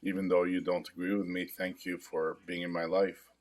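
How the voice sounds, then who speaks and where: Very deep, flat-voiced man guiding tapping. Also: moderate pace. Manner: calm, confessional, repetitive affirmations. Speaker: hypnotherapist demonstrating tapping. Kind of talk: guided self-help demonstration.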